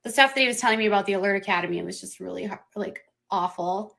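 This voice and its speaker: A woman hosting a live stream, talking earnestly about a serious issue in quick bursts. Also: mid-range voice, creaky, a bit bright, poor audio. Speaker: livestream host. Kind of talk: serious commentary on a social issue.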